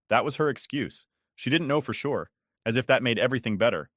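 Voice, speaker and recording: A man's voice: mid-range voice, lively intonation, brisk, a bit bright, dry recording, studio quality. A man in his forties narrating a first-person story in a weary, resentful way.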